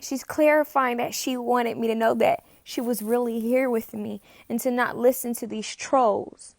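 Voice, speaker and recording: A woman talking at home in a casual confessional monologue about a message she feels she received. She speaks haltingly, repeats phrases and sometimes drops to a near-whisper. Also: on the high side, fairly even intonation, gravelly, no room sound, clean studio sound. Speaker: self-described spirit medium.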